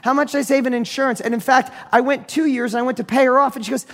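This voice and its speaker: A man giving a motivational business talk, telling a deal story in an energetic, direct, repetitive way. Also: very high voice, quick pace, hardly any pauses, long reverb tail. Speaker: real estate investor and business speaker.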